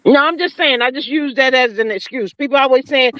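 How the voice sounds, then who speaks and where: A woman's voice: sits high, fairly quick, hardly any pauses, a bit bright. A woman in her fifties hosting a casual live-stream talk show, chatting and reading viewer comments aloud.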